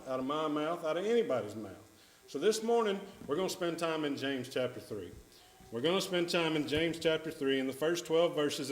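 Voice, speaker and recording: Southern preacher with a high voice. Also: male voice. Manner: earnest, repeats key phrases for emphasis. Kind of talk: sermon. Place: church sanctuary. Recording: echoey church room.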